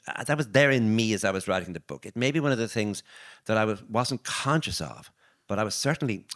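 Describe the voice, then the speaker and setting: An older man with an Irish accent speaks in a fairly low voice at a live book event. He tells reflective stories, often restarting his sentences and slipping into animated quoted voices. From Ireland. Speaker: author, interview guest. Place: arts venue, live audience.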